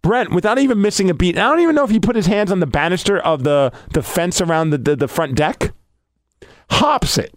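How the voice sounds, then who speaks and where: A man co-hosting a casual podcast, telling a story with excitable, animated energy. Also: high-pitched, fast, few pauses, no room sound, studio quality. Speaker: podcast co-host. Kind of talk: casual chat.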